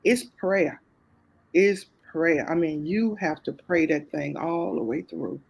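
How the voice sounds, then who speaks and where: A woman's voice: low-pitched, slow, gravelly, a little mellow, husky. Woman guest with a Southern US accent; earnest, faith-driven, repeats lines for emphasis. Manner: heartfelt, faith-filled, repeats phrases for emphasis. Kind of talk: candid testimony in conversation.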